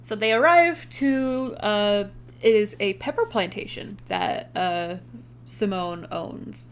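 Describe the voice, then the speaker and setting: A woman's voice: mid-range voice, takes it slowly, slight background noise. A young woman co-hosting a podcast, chatting casually about a movie, swearing now and then and laughing often. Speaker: podcast co-host. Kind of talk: casual chat recapping a movie.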